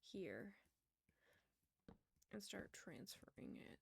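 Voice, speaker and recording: A woman's voice: mid-range voice, big pitch swings, drawn-out words, gravelly, whispered. A young woman streamer telling stories in casual chat while gaming, laughing often and muttering to herself as she plays. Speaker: livestreamer.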